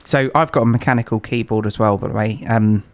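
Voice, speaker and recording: A man with a lowish voice streams a game from home, chatting fairly quickly to viewers in a rambling, hesitant way full of filler words. His streaming microphone picks up a little hiss or hum.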